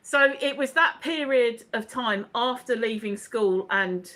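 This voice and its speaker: A woman's voice: on the high side, a little slow, bright, forceful tone. A woman, hosting a casual livestream chat, rambling and laughing as she reads out viewer comments. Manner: chatty, laughs often, rambling asides. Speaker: livestream host.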